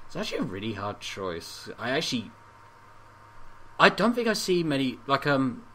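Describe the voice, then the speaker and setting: A man co-hosting a casual podcast chat, animated and swearing freely, often laughing. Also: mid-range voice, normal speed. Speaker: podcast co-host.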